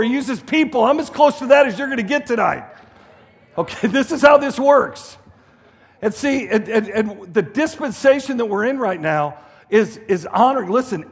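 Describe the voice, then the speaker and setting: A middle-aged man preaches with a high, slightly husky voice. He talks emphatically, circling back and restarting phrases as he drives a point home. His sermon rings out in a church hall with a long reverb. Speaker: guest pastor.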